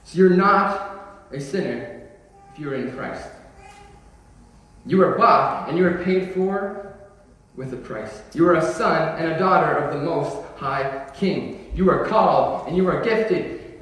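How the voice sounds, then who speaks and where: A man's voice: a little high, a bit bright, far from the mic. Young man preaching in an echoey hall. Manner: casual, joking, builds to emphatic declarations. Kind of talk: sermon.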